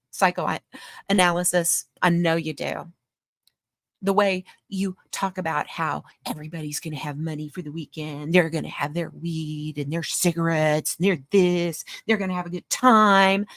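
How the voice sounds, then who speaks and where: A woman's voice: medium pitch, fairly bright tone, no echo, clean studio sound. A woman hosting a commentary show, talking in a sarcastic, mocking, lecturing way about a streamer. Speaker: commentary host.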